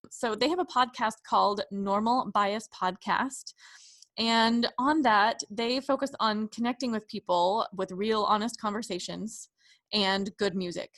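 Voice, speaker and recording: A woman's voice: medium pitch, fairly even intonation, a little slow, a bit bright. A woman hosting a podcast, introducing her guests with eager enthusiasm in a casual chat. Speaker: podcast host.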